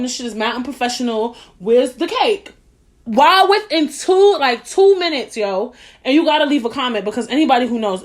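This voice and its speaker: A young woman telling a story as a podcast host, blunt, profane and animated. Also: sits high. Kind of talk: casual monologue.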